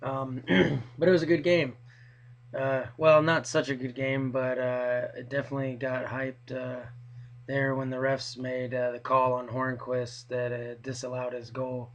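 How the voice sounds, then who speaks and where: A man with a hoarse, worn voice from yelling, talking loosely in a casual video blog. His pitch sits mid-range and barely moves, so his delivery sounds flat. He rambles and hesitates as he shares his thoughts. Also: a little slow, lo-fi sound. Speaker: hockey fan vlogger.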